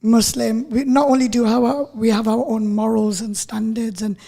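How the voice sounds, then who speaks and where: Chatty woman, husky and mellow. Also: a little high, moderate pace. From northern England. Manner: chatty, expressive storyteller. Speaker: radio host. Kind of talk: casual radio interview.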